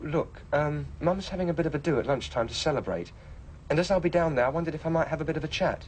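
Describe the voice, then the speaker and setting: Casting: actor playing a quick-talking teenage son, lively pitch, noisy soundtrack. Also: male voice, close to an everyday voice. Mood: earnest. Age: teens. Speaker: son awaiting exam results. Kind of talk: 1980s British TV drama.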